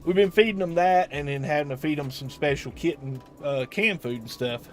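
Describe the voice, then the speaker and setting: Chatty game streamer man, higher voice. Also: fairly quick, soft background music. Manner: chatty, answers viewer chat with many restarts. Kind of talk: casual live-stream chat.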